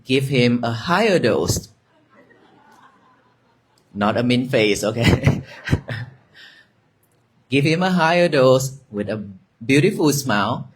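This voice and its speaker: Male monk, mid pitch, very slow and gentle meditation guidance in a dharma talk. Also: expressive. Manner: slow, gentle, repetitive guiding cues, soft at times. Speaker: Buddhist monk teaching meditation. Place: monastery gathering with an audience.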